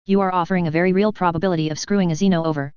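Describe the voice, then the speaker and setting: A woman's voice: fairly low pitch, fairly even intonation, racing, clear, resonant tone, no room sound, dull audio, natural voice. A woman voicing a cheerful, bluntly refusing young female snake-like alien in a sci-fi story. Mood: cheerfully blunt. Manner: polite but bluntly refusing.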